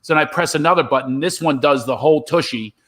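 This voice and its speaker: A man's voice: fairly high pitch, fast, fairly bright tone. A middle-aged man, a stand-up comedian, telling stories on a live stream and acting out his own reactions.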